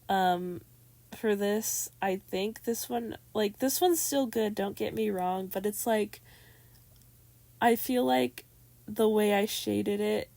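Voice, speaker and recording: A woman's voice: on the low side, a little mellow, dry recording. A woman giving casual voice-over commentary on her artwork, chatty and rambling, with many fillers. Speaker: digital artist commenting on her timelapse.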